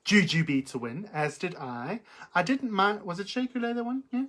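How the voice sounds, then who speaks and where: A woman's voice: medium pitch, normal speed, fairly bright tone. A middle-aged woman hosting a live chat, reading out viewer comments in a camp, theatrical, giggly manner. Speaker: livestream host.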